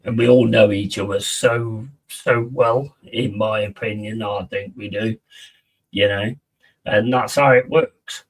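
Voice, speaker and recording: A man's voice: lowish voice, fairly even intonation, unhurried, distant mic. A man chatting casually on a live stream, reading out and answering viewers' messages and swearing freely.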